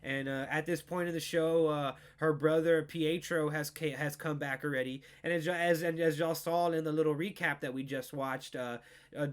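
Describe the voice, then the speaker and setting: A man hosting a podcast, recapping a TV show in an excitable, swearing, filler-heavy way. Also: a little high, normal speed, clear, resonant tone. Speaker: podcast host. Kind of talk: casual pop culture recap.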